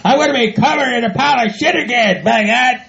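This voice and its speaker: Gruff hillbilly rancher, voiced by a man, gravelly and high, cussing nonstop, lo-fi audio. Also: fairly quick, a bit bright, exaggerated voice. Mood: grumbling. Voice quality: gravelly, exaggerated country hick voice. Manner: grumbles, swears, keeps repeating "by God". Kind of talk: comedy audio skit. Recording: dull lo-fi home recording.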